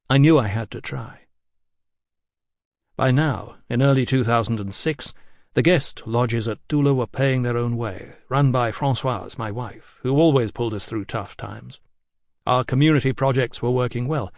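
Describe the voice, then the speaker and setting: A man narrating a memoir audiobook in a measured, deliberate reading. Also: medium pitch, a little mellow, no room sound. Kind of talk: scripted narration. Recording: dry close studio sound.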